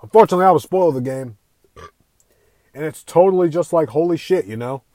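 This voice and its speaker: A young man hosting a casual gaming podcast, talking in an excitable, profane, rambling way. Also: a little high, quick pace, dry recording. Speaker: podcast host.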